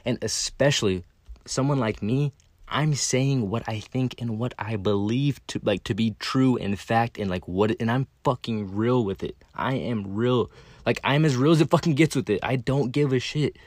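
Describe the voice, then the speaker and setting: A man's voice: mid-range voice, normal speed, darkish tone, no echo, clean studio sound. A young man talking to camera in a casual monologue, blunt and profane, full of fillers and restarts. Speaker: video creator.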